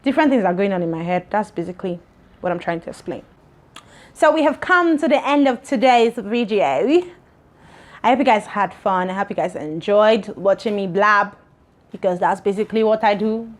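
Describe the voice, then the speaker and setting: A woman vlogger from Nigeria talking casually to camera in a chatty, scolding, animated manner. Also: medium pitch, moderate pace.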